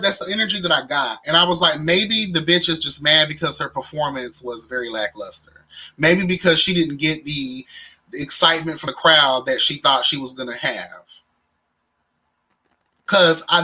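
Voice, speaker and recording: Sassy bright-voiced male recap host. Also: on the high side, normal speed, breathy edge, low-quality recording. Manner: sassy, campy, animated with slang and exclamations. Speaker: reality show recap host. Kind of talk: casual live-stream commentary.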